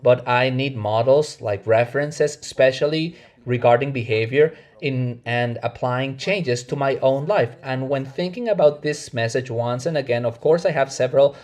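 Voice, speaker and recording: Earnest preacher, Mexican Spanish accent. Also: male voice, mid-range voice, a little mellow. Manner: earnest, measured preaching with self-corrections. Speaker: pastor. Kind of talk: sermon.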